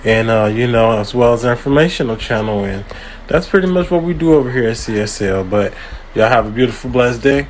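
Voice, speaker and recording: A man's voice: medium pitch, lively intonation, brisk. Casual male reaction host, blunt and profane, incredulous, faint background noise.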